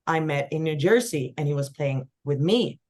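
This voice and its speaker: A woman from Sweden, a singer-songwriter guest telling lively stories in a casual podcast chat. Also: normal speed. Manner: lively storyteller, acts out quoted voices with big pitch jumps.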